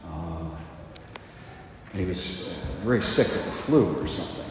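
A man, a priest, giving a casual homily in a halting, conversational way with many fillers. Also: low-pitched, animated, background noise. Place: large echoey church. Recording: distant mic in reverberant church.

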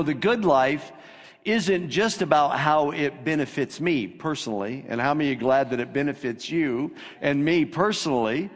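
A man preaching a sermon as pastor, reading scripture with rising emphasis. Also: a little high. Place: church sanctuary. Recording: long reverb of a church hall.

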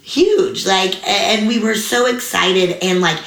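Chatty young woman, bright roomy sound. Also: medium pitch, a little slow. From US mountain region. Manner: chatty, many likes, animated quoted voices. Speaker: guest comedian. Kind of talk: casual interview storytelling. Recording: roomy echo.

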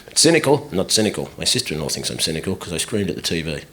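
A man's voice: sits low, big pitch swings, racing, fairly bright tone. A man performing a stand-up comedy set, ranting and swearing in an exasperated way. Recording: live club recording with background noise. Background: audience laughter.

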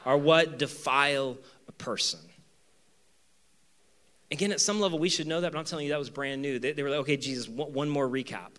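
A man preaching a sermon to his church, animated, acting out voices in the story and moving between loud emphasis and quiet asides. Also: fairly high pitch, a little fast, pauses often, clear, resonant tone. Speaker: pastor. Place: church with two campuses.

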